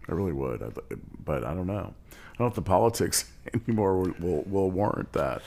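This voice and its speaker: A man with a very deep, husky voice hosts a relaxed podcast chat. His pitch swings widely and there is a gravelly edge as he nudges his guest with easygoing questions. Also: brisk. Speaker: podcast host. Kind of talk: casual interview chat.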